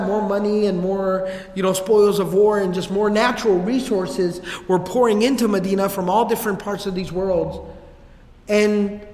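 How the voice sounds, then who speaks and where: Man, casual religious lecture, conversational with slang, fairly high voice, echoey hall. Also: a little mellow. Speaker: religious teacher. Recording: echoey hall with long reverb.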